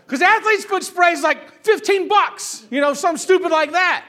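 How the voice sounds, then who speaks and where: A man in his thirties tells a family story with a high voice. His tone is bright and forceful. He keeps checking in with the listener with a quick "right?". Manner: animated storyteller, often asks "right?". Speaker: father telling a family story. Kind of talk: casual personal anecdote.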